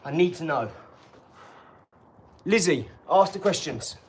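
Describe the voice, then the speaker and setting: A man in his forties talks on a live stream, drifting from one topic to the next and bragging cheerfully, with a laugh at his own expense. His voice sits a little high. A faint background hum runs under the whole recording. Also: lively intonation, slow. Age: 40s. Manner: chatty, boastful, drifts between topics, laughs at himself. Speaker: channel host. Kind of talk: rambling live-stream chat with boxing tips.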